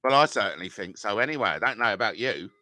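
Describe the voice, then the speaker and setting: A man's voice: lowish voice, expressive, quick pace, pushed and bright, dry recording, studio quality. A middle-aged man, live-streaming and reading out chat comments in a combative, rambling way full of swearing.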